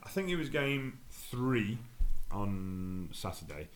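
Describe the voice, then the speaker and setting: A man's voice: on the low side, slow, a little hiss or hum. A man co-hosting a podcast, telling stories casually and acting out the other people's voices as he goes. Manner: animated storyteller acting out quoted voices, chuckling. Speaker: podcast co-host and tournament organizer. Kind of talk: casual storytelling chat.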